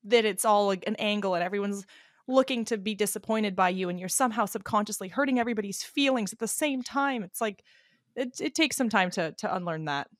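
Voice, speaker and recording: A woman's voice: medium pitch, brisk, no room sound, clean studio sound. A woman in her late twenties, a podcast guest in casual chat, telling stories animatedly and acting out quotes. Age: late 20s. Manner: animated storyteller, acts out quotes.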